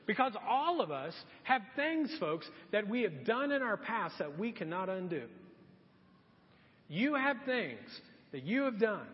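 A middle-aged male pastor preaching a sermon, telling a funny personal story with lively energy, then dropping to quiet, earnest appeals. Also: very high voice. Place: church sanctuary. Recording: muffled echoey church hall.

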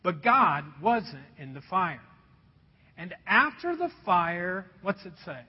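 High-voiced animated pastor in a hall. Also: male voice, slow, breathy edge. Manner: animated storytelling, drops to a hush. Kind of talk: sermon. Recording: dull sound with long hall reverb.

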